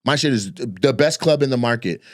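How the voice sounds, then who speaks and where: A man's voice: medium pitch, lively intonation, brisk, no room sound. Man, comedian, ranting commentary, profane, repetitive, dry recording.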